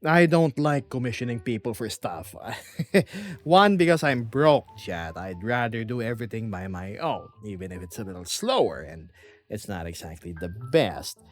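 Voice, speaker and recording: A young man streaming from his small apartment, chatting casually with viewers and reading their comments aloud in a lively, self-deprecating way. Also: fairly low pitch, moderate pace, faint music behind. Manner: animated, self-deprecating, reads chat aloud. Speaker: VTuber streamer. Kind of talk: casual livestream chat.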